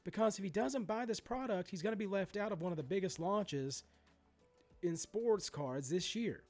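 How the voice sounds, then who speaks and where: With faint music behind him, a vlogger in his forties goes off about sports card prices in a high voice at a moderate pace. He collects the cards himself, swears freely, and his animated rant is full of asides and restarts.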